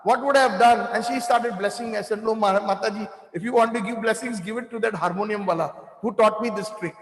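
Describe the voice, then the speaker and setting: A man with a strikingly high voice tells devotional stories at a temple, recounting anecdotes with an easy narrative flow and quoted Hindi phrases. His voice rings through a roomy hall, trailing a long reverb behind each phrase. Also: steady tone, quick pace, fairly bright tone. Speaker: temple storyteller. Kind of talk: devotional storytelling talk.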